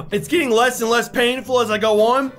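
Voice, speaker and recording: A young man with a very high, bright voice, frantically yelping and coughing as ghost pepper burns his mouth. He pleads with the game and mocks himself between gasps, with music faintly under him. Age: young adult. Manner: frantic, yelping in pain, self-mocking. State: mouth burning, coughing, eyes watering. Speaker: YouTuber. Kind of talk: gaming and ghost pepper chip challenge commentary.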